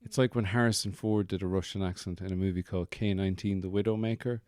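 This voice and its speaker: Male podcast host, low-ish voice, dry close sound, jokey and relaxed. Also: fast, no room sound. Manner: playful, joking asides. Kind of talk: casual chat. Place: bedroom.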